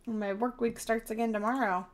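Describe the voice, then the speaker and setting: A woman's voice: fairly high pitch, fairly even intonation, normal speed. A woman giving casual gameplay commentary as a streamer, chatting to her viewers and sounding tired. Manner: chatty, talks to chat viewers. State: tired, yawning. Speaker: gaming streamer.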